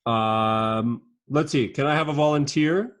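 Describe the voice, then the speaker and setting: On a video call, a cheerful and patient teacher leads an online lesson for little kids, rattling off rapid runs of questions in a mid-range voice.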